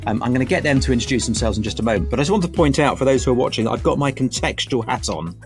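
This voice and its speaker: Lively playful podcast host, man. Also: mid-range voice, rapid-fire, faint music behind. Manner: playful, teasing, lively intonation. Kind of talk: casual podcast chat.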